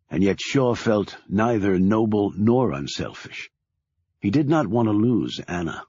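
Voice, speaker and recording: Husky male audiobook narrator. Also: lowish voice, a little mellow, no echo. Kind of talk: scripted narration. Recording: dull lo-fi recording.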